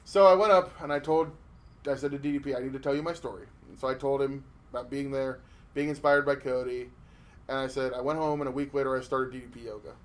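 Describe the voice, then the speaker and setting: A man co-hosting a casual podcast, telling stories in an animated way with lots of swearing and restarts. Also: medium pitch, fast talker. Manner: animated storytelling with profanity and restarts. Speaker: podcast co-host.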